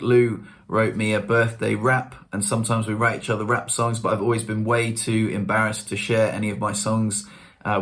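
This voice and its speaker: Brief: male vlogger with a lowish voice, relaxed and chatty, slangy, self-deprecating. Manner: chatty, slangy storytelling with self-mocking humour. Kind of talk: casual chat to camera.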